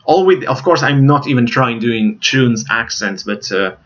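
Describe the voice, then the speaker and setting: A man's voice: medium pitch, lively intonation, a little slow, fairly bright tone. Rambling man reviewing films, lo-fi. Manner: rambling, searches for names, many fillers. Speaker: movie reviewer. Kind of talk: casual movie review.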